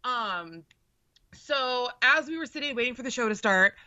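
A young woman co-hosting a podcast, telling an animated, profane story in casual chat. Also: fairly high pitch, moderate pace, dry recording. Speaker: podcast co-host. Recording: dull lo-fi sound.

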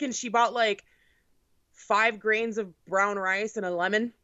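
A woman's voice: on the high side, flat delivery, takes it slowly, fairly bright tone, smooth, no room sound. A woman in casual chat, talkative and sarcastic with lots of fillers. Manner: chatty, sarcastic, full of fillers. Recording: dull lo-fi sound, dry.

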